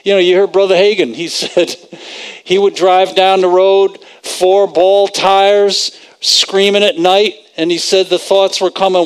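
Conversational preacher man, fairly high voice. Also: flat delivery, a little slow, clear, resonant tone. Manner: conversational, repeats phrases for emphasis. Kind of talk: sermon.

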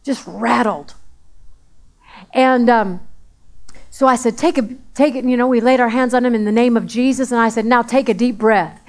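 A woman's voice: a little high, moderate pace, pauses often, darkish tone. A woman preaching a sermon in a conversational way, repeating phrases for emphasis.

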